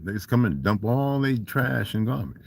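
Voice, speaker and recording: A man's voice: mid-range voice, lively intonation, normal speed, vocal fry. A man with a Southern US accent ranting casually and profanely on a livestream, emphatic and laughing often. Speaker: livestream host. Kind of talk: casual rant.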